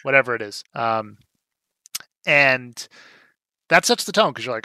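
A young adult man co-hosting a casual movie recap podcast, relaxed with lots of fillers, getting animated when he retells scenes. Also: medium pitch, measured pace, clean tone, no echo. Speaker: podcast co-host.

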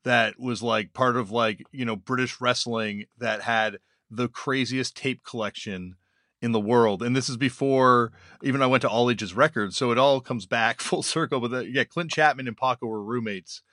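A man's voice: mid-range voice, a bit bright, no room sound, clean studio sound. Eager, chatty man hosting a podcast. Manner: eager, chatty, quick to laugh. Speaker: podcast host. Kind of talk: casual interview chat.

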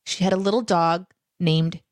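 A woman co-hosting a casual livestream chat, reading viewer questions and telling lively stories. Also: on the low side, moderate pace, no echo, studio quality.

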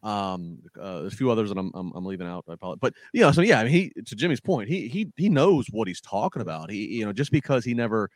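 A man's voice: on the low side, sing-song, dry recording. A man in a casual podcast chat, rambling with frequent restarts. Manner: rambling, halting, many restarts.

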